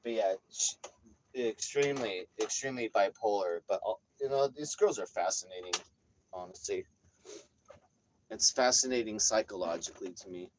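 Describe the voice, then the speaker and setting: A man vlogging, telling a rambling story full of cursing and lively retelling. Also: fairly low pitch, moderate pace, background noise. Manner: rambling, profane, animated retelling. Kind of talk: casual storytelling.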